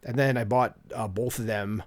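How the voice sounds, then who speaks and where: A mid-pitched man talking straight into a desk microphone at home. He rambles through his commentary with plenty of fillers, and sarcasm and exasperation color his talk. It sounds like a casual one-man opinion video. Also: fairly even intonation, moderate pace. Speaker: channel host.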